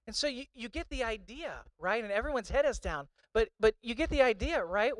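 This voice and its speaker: A man's voice: very high voice, animated, a little fast, few pauses, dry recording. A man preaching a sermon in a conversational, storytelling way, with many restarts. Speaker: pastor.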